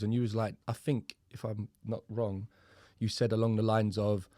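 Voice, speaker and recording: A man's voice: fairly low pitch, level tone, moderate pace, few pauses, warm tone, no room sound, clean studio sound. A young man with a London accent hosting a podcast in casual, blunt chat that is full of swearing. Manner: blunt, swears freely, loose and chatty. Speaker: podcast host.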